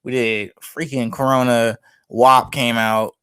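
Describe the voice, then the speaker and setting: A young man co-hosting a podcast in casual, animated chat, full of "like" and swearing. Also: medium pitch, slow pace, smooth, no echo. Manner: animated, swearing, laughing, lots of "like". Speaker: podcast co-host.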